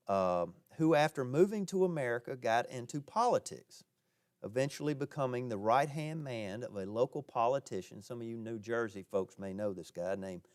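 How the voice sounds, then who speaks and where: A man with a Southern US accent, a park ranger giving a folksy, self-deprecating history lecture to a live audience. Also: mid-range voice.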